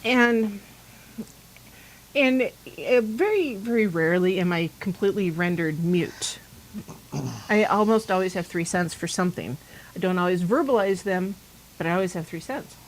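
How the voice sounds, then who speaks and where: A woman hosting a pagan talk show, telling a rambling, animated story in casual chat and acting out the dialogue she quotes. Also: fairly low pitch, normal speed, slight background noise, rough recording.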